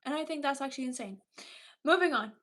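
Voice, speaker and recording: A Romanian woman in her thirties hosts a livestream, reading the chat and talking casually with viewers in an animated way, full of fillers. Her Romanian accent is blended with Irish and London English. Her voice is high and she talks fast.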